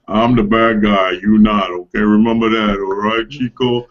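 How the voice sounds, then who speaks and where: A man's voice: lowish voice, dull audio, voice pushed down. A man doing a cocky tough-guy wrestler with a mock Spanish accent. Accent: put-on Spanish accent.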